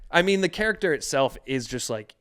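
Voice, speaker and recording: A man's voice: on the high side, lively intonation, a little fast, a bit bright, smooth. A man co-hosting a podcast in casual chat, rambling and hesitant, swearing casually. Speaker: podcast co-host.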